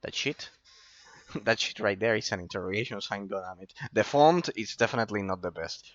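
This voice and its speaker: A man's voice: on the low side, a little fast, fairly bright tone, dry recording, lo-fi sound. A man giving casual let's-play commentary, thinking aloud, trailing into fillers and swearing now and then. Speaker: gameplay commentator.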